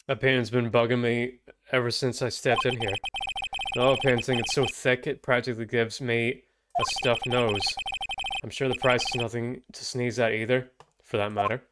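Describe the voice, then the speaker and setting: Relaxed man reading game lines. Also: medium pitch, normal speed, heavy background noise. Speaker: streamer playing a game. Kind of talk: casual let's play, reading game text aloud. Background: game music.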